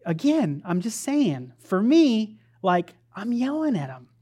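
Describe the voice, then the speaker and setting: A woman's voice: medium pitch, slow, breathy edge. Woman preaching in a casual, playful way. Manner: conversational, playful, animated storytelling. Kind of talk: sermon.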